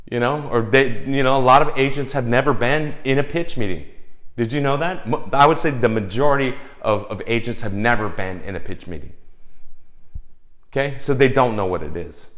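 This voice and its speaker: A man's voice: mid-range voice, a bit bright. Profane, rambling man giving advice. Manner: profane, rambling, heavy with fillers. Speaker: screenwriter giving career advice. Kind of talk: casual advice talk.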